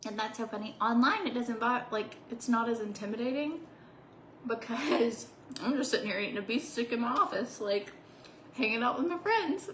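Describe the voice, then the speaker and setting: A woman's voice: a little high, fairly even intonation, brisk, a bit bright, a little hiss or hum. A woman in her thirties vlogging from her home office, chatting casually and bubbly with frequent laughs and rambling asides. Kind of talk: casual chat to camera. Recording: echoey room with faint background ambience.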